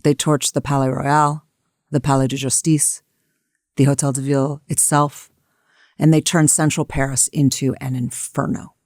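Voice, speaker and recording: An American woman co-hosting a history talk, her voice gravelly with a creaky edge. She tells events in a vivid, emphatic way. The sound is close and dry. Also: a bass voice, flat delivery, normal speed, darkish tone, dry recording. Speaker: co-host. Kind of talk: history discussion.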